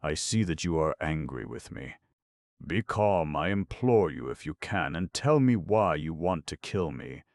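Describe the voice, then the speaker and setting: A man with a very deep voice playing a mild middle-aged male doctor who reasons calmly and apologetically, in an audiobook reading. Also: measured pace, exaggerated voice. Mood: placating.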